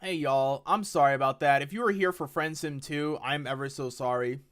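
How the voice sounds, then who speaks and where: A woman's voice: low voice, normal speed. A woman streaming a game live, talking bluntly to her chat and swearing heavily in frustration.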